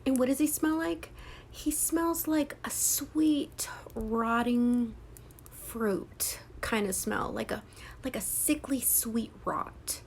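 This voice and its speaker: A young book vlogger with a fairly high, slow, creaky voice casually recounts a horror novel's plot, dropping into whispers and acting out characters' lines with plenty of swearing. Slight background noise is present.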